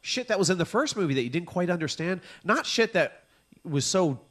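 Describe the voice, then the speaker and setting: Animated, profane comedy podcast guy. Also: high-pitched, fairly quick. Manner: animated, profane, acts out exasperated reactions. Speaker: podcast co-host. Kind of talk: casual comedic chat.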